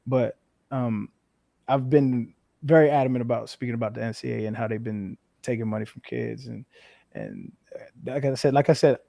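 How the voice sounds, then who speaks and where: A man in his thirties from the western United States, a former football player speaking as a guest, telling candid, animated stories laced with profanity. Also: medium pitch, moderate pace, gravelly, no echo, clean studio sound. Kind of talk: casual conversational interview.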